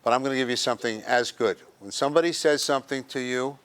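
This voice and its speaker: A workshop presenter gives a humorous motivational talk to a group in a senior center room, joking and acting out little scenes and quotes. His medium-pitched voice is fast, a bit bright and clean, with hardly any pauses.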